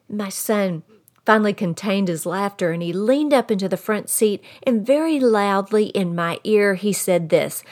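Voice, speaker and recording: A middle-aged woman with a Texan accent, a grandmother and podcast host, telling a folksy story straight to her listeners in an animated way. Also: mid-range voice, moderate pace. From Texas. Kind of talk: storytelling monologue.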